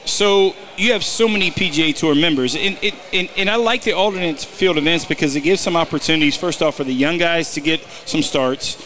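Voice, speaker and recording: Casual golf co-host, male, slightly high voice, stop-start delivery, teasing. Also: bright, forceful tone, slight background noise. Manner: halting, many restarts, teasing. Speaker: golf podcast co-host and picks analyst. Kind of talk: casual sports chat.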